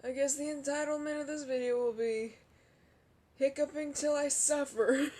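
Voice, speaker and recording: A woman's voice: high voice, warm tone. A young woman commenting on a game, hiccuping and out of breath, laughing and gasping often. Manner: laughs a lot, gasping, drawn-out sighs. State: hiccuping, out of breath, chest aching. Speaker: roleplay gamer commenting on a game.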